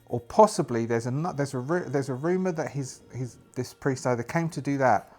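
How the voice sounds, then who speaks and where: A man's voice: mid-range voice, moderate pace. A man playing a solo tabletop game, thinking aloud in a rambling way with many restarts. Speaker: solo game player and narrator.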